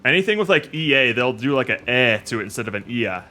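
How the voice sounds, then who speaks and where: A man's voice: medium pitch, big pitch swings, quick pace, sharp tone. A man streaming a game, chatting casually and joking with friends. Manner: playful, jokey. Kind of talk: casual gaming stream chat.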